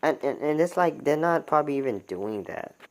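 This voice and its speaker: A man giving unscripted livestream commentary, halting and stumbling over his words, with frustrated rhetorical questions. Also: fairly high pitch, animated. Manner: halting, many restarts and repeated words.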